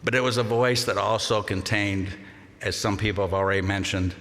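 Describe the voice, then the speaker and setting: An older man giving a memorial eulogy, telling fond anecdotes with gentle humor. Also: lowish voice, fairly even intonation, brisk. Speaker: eulogy speaker. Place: large congregation hall. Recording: long reverb of a large hall.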